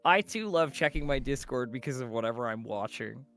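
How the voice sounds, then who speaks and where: A man's voice: mid-range voice, expressive, a little fast, fairly bright tone, faint music behind. A tired man joining a casual stream chat, joking and sarcastic. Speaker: co-host guest.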